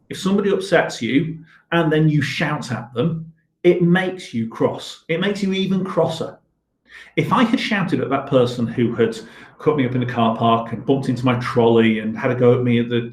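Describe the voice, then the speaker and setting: A headteacher talks children through a story, acting out his own crossness with big swoops in his voice. He records at his computer, and his voice rings in an echoey room. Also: mid-range voice. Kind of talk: school assembly talk to children. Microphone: computer webcam.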